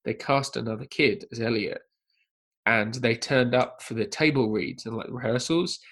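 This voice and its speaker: A man in casual podcast chat, telling a film anecdote with lively energy and acting out quoted lines. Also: moderate pace. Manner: animated storyteller, acts out quotes in high voices. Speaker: podcast panelist.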